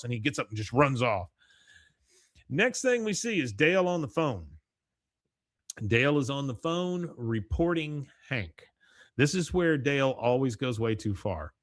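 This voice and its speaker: A man's voice: mid-range voice, moderate pace, no echo, clean studio sound. A man hosting a podcast, casually retelling a cartoon episode and voicing the characters' lines as he goes. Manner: retells scenes with animated voices for characters. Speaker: podcast host.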